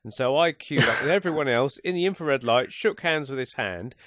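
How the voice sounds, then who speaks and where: A man's voice: medium pitch, expressive, a little fast, fairly bright tone, dry recording, clean studio sound. A man hosting a radio talk show, rambling and hesitant with many restarts. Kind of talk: casual radio chat. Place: radio studio.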